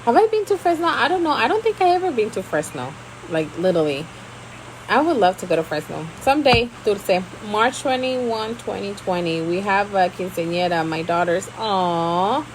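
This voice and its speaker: A talkative woman, hosting a relaxed live-stream chat. She hops between Spanish and English mid-sentence, laughing easily, her voice sitting at a middling pitch with a faint hum of noise behind it. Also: normal speed, rough recording. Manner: chatty, mixes Spanish and English freely; expressive, laughs often.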